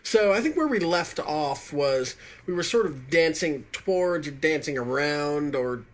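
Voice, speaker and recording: A man's voice: a little high, expressive, measured pace. A man co-hosting a podcast in casual chat, chatty and lightly teasing. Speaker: podcast co-host.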